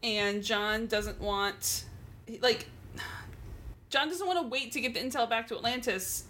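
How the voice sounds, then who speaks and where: High-voiced woman recapping an episode. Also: a little slow, slight background noise. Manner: lively storyteller, swears casually. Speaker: podcast co-host. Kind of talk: casual chat recapping a TV episode.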